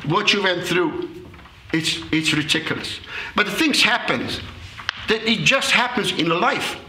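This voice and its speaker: Emotional man, slow. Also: high-pitched, animated. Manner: emotional, halting, many repeated words. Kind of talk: impassioned comment at a public debate. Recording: echoey hall with faint noise.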